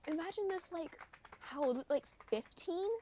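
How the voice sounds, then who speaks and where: A woman telling a story on a livestream, animated and often laughing, acting out what people said. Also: very high voice, a little slow, a little hiss or hum. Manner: animated, laughing, acts out quoted voices. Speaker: streamer.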